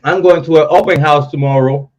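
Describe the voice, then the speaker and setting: Brisk and fairly even in intonation, a high-leaning male voice hosts a casual livestream, reading viewer comments, addressing chat, and ranting about other content creators. Stream audio is dull and lo-fi.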